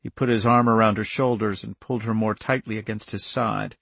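A man's voice: on the low side, steady tone, brisk, vocal fry, a bit bright, slightly rough, no room sound. Man narrating a tense audiobook.

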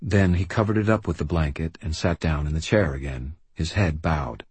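A male narrator with a very low, deeply husky and slightly mellow voice reads first-person fiction in a dry, measured, wry way. The recording is close and fully dry, with no room sound.

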